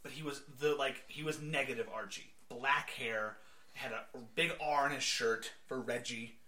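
A man's voice: mid-range voice, normal speed. A man co-hosting a podcast, chatting casually about comic books and jumping into character voices. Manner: animated, jumps into voices of characters. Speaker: podcast co-host. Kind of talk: casual comic book chat.

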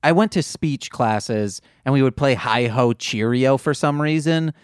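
A man's voice: medium pitch, a little slow, clear, resonant tone, dry recording, clean studio sound. A young adult man co-hosting a podcast, rambling and poking fun at himself in a casual chat. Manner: easygoing, rambling, self-deprecating. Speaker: podcast co-host.

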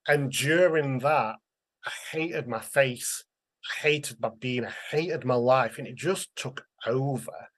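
A man's voice: mid-range voice, takes it slowly. A man, a guest telling his life story candidly and earnestly, acting out the voices of people he quotes. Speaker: interview guest, author.

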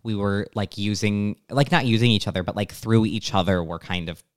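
Smooth-voiced young adult, halting and chatty. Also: low-pitched, dry recording, studio quality. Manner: halting, full of "like" fillers. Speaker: podcast guest. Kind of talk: casual chat.

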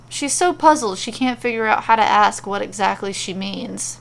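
A woman reading a fantasy story aloud as a podcast storyteller, with steady descriptive narration. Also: mid-range voice, moderate pace, vocal fry, hardly any pauses.

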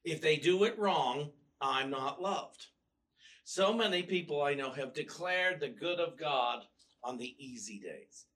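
A little high and a bit bright, this male minister's voice sounds far from the mic as he preaches in a church. He tells stories casually with wry humor, restarting sentences often in his conversational sermon.

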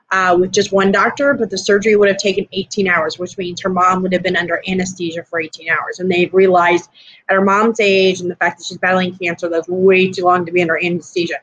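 A woman's voice: mid-range voice, a bit bright, highs cut off. A woman co-hosting a live stream, chatting casually and rambling with lots of fillers. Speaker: podcast co-host.

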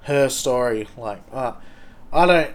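A man's voice: mid-range voice, expressive, slow pace. A young Australian man telling a rambling casual story, laid-back and swearing constantly, with lots of fillers.

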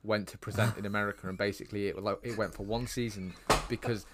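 A man's voice: fairly low pitch, steady tone, fast, very noisy. A British man co-hosting a casual film chat, rambling on with lots of ums and likes. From Britain. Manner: chatty, rambling with frequent ums. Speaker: podcast co-host.

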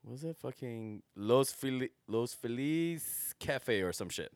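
A man co-hosting a podcast, chatting in a rambling, animated way with casual swearing. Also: medium pitch, takes it slowly, no room sound. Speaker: podcast co-host. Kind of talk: casual chat.

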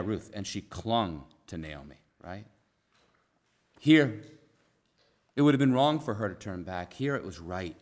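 Earnest low-voiced man preaching. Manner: earnest, drops to a soft hush for emphasis; repeats key phrases. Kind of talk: conversational sermon.

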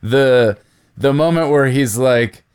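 A man's voice: mid-range voice, slow pace, a little mellow, clean tone. A man who is a guest on a movie podcast, talking thoughtfully and often restarting his sentences. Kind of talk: casual movie chat.

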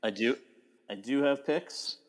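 A man co-hosting a casual golf podcast, speaking in a low-key way with frequent ums and hesitations. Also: unhurried. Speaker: podcast co-host. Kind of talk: casual chat.

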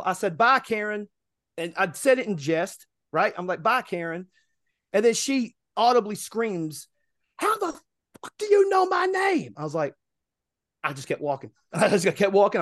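A man's voice: sits high, no room sound, studio quality. A man in his thirties telling stories casually on a podcast, acting out the voices of people he met. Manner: animated, acts out other people's lines. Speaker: podcast co-host. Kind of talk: casual storytelling.

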